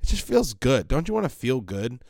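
A man's voice: mid-range voice, normal speed, vocal fry, no room sound, studio quality. A man hosting a podcast from his basement, rambling bluntly and swearing in a casual monologue. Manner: rambling, blunt, profane, animated. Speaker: podcast host. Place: home basement.

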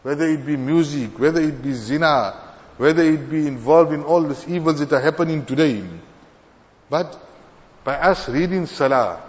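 Male preacher, earnest and emphatic, slightly high voice, dull recording with long hall reverb. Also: normal speed. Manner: earnest, rising emphasis on key points. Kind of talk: sermon.

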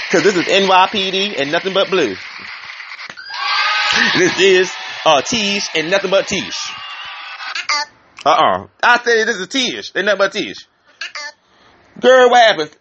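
A man hosting a community talk show, sassy and theatrical, calling listeners honey and child. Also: high voice. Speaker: community radio host. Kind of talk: flamboyant comic commentary. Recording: dull lo-fi recording with loud hiss.

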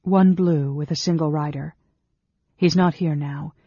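A worried middle-aged mother who speaks low and soft, read by a male narrator. The voice is slightly raised and husky, on a dull, dry audiobook track. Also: fairly even intonation, unhurried, no echo. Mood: grave.

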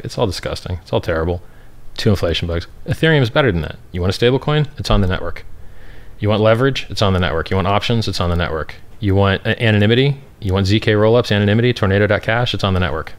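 Man, low voice, crypto founder, brash, scornful, boastful interview answers. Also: fast talker.

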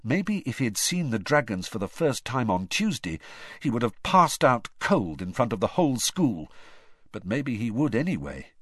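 A man reading a storybook aloud with expressive, animated narration. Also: medium pitch, normal speed, husky. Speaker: audiobook reader.

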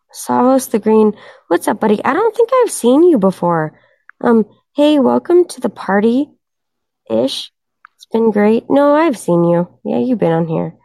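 Tired, hoarse woman with a gravelly edge. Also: on the high side, very animated, a little slow, warm tone, no echo, clean studio sound. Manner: chatty, addresses viewers in chat. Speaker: livestream host. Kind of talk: casual livestream chat.

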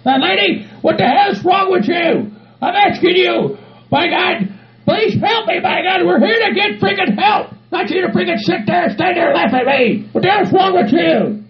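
A man voicing a loud hillbilly, rambling and quick to blow up. His voice sits high and gravelly, like a lo-fi home comedy sketch. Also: a crowd in the background. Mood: indignant shouting. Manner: rambling, peppers talk with "by God", bursts into shouting. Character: rowdy hillbilly man checking into an asylum.

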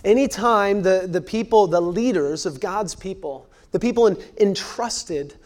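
An earnest man in his thirties preaches a sermon at a slow, deliberate pace. His voice sits high for a man, and he hammers home key phrases by repeating them. At times he sinks to a hushed near-whisper to drive a point home. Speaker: pastor.

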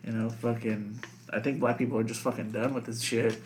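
Dude rambling on a podcast, tons of swearing and "you know"s, casual chat. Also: male voice, medium pitch, level tone, a little fast, slight background noise. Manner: rambling, heavy swearing, many fillers. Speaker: podcast co-host.

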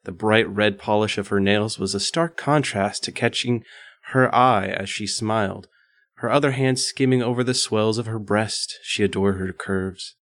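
A man with a fairly low voice and a dry, close sound reads a racy story aloud on a casual podcast. He jokes and stumbles through the lines with mock drama, like a co-host hamming it up for friends. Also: moderate pace, fairly bright tone, no echo. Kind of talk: casual chat and reading smut aloud.

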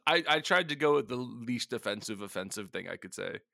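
Male podcast host, gravelly and bright, crude banter, dry close mic. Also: medium pitch, lively intonation, a little fast, no echo. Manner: crude joking, acts out voices of others, laughs often. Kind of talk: casual comedic chat.

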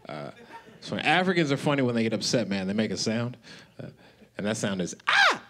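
On stage at a comedy club, a Colorado man with a lowish voice performs a loose, conversational stand-up set into the mic, talking fairly fast and with great animation. He swings into loud character voices while the audience laughs, and the recording is very noisy.

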